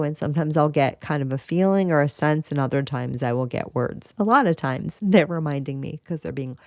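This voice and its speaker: A woman hosting a spiritual podcast, talking casually with lively asides and frequent laughs. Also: deep voice, dry recording, clean studio sound. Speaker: podcast host.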